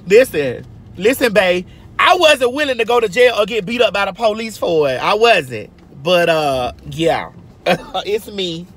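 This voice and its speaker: A woman's voice: medium pitch, lively intonation, unhurried, slightly rough. A woman telling stories in a casual vlog from a moving car, brassy and profane, calling her listeners girl and honey. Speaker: vlogger.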